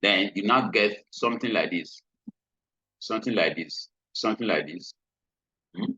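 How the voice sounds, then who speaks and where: Unhurried and forceful, a man teaches a screen-share trading lesson, going over his points repeatedly and checking in with many a "hmm?". His voice sits on the low side, bright and slightly rough. The recording is dull lo-fi with no room sound.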